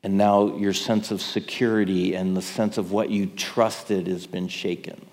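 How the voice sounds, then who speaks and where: A man's voice: sits low, little pitch movement, a little slow, darkish tone, long reverb tail. A man preaching a sermon in a conversational way, checking in with his listeners. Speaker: pastor.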